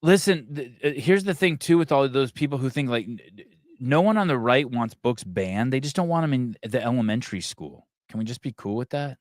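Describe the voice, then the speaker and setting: A man's voice: mid-range voice, animated, a little fast, no room sound. Brief: male podcast host, crude jokey banter, dry close mic. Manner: crude, joking, laughs often. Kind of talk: casual podcast chat.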